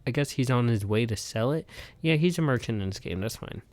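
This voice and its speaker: A young man hosting a comedic game playthrough, goofy and excitable in his reactions. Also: mid-range voice, fairly quick, dry recording. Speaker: gaming video host.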